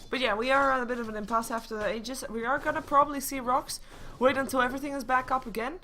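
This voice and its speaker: A woman's voice: high voice, steady tone, fast talker, pushed and bright, slight background noise. A young woman doing solo live esports commentary, chatty and joking with her stream chat between play calls. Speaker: esports caster.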